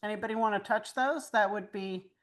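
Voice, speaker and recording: A woman's voice: mid-range voice, brisk. A woman hosting a casual fan chat, explaining plot details at length. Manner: recaps plots at length, explanatory. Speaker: host.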